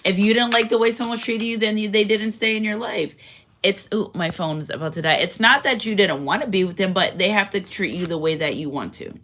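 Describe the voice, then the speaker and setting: Bright, forceful woman reading tarot cards. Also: mid-range voice, fairly quick. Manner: chatty, affirming, repeats catchphrases, slangy asides. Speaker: tarot reader. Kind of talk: casual tarot card reading.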